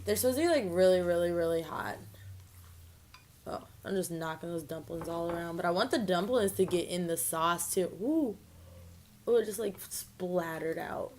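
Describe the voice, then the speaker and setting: A young woman hosting a mukbang vlog, chatting casually to the camera between bites, bubbly and full of "like" and "ooh". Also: medium pitch. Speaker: mukbang vlogger. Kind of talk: casual chat to camera while eating.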